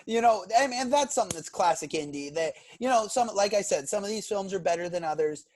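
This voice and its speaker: A man co-hosting a casual film podcast, talking in halting bursts full of "you know" and restarts. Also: high voice, animated, no room sound. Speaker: podcast co-host.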